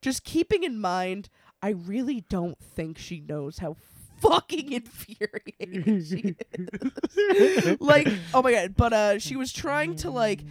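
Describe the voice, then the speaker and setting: A woman's voice: fairly high pitch, big pitch swings, slow, no echo. A woman co-hosting a podcast in casual chat, telling a story with lots of laughter and swearing. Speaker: podcast co-host.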